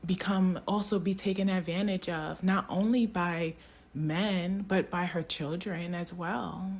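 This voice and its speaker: A woman speaking in an emotional, halting personal monologue, tearing up and restarting her sentences often. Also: fairly low pitch, steady tone. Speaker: spiritual vlogger.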